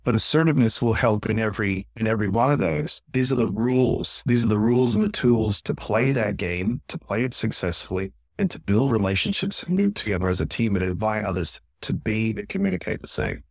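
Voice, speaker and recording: A man's voice: on the low side, lively intonation, fairly quick, hardly any pauses, slightly rough, dry recording. A man being interviewed as a communication trainer, explaining earnestly and often tagging on "right?". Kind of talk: podcast interview.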